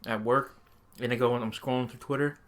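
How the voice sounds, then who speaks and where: A man's voice: medium pitch, steady tone, a little fast. A man co-hosting a podcast in casual chat, talking easily, laughing often and giving short replies. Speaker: podcast co-host.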